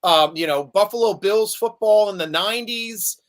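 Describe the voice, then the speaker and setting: A man's voice: sits high, moderate pace. Guy on a sports podcast, gets worked up telling stories, keeps tripping over his words. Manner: animated storyteller, stammers and repeats words. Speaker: podcast guest, Steelers fan. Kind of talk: casual sports chat.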